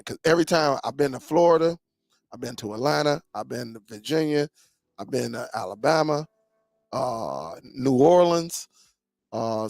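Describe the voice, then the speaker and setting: A man's voice: on the high side, vocal fry, a little mellow, no echo. A man in his forties hosting a casual live chat with viewers, laid-back and full of stories, dropping "man" often. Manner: laid-back, storytelling, chatty with frequent "man". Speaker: live stream host.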